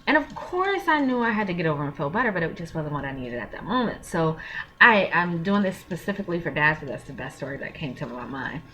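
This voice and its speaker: A woman's voice: low voice, very animated, quick pace, a bit bright. A woman giving frank, earnest parenting advice in a casual vlog, talking in slang and openly emotional.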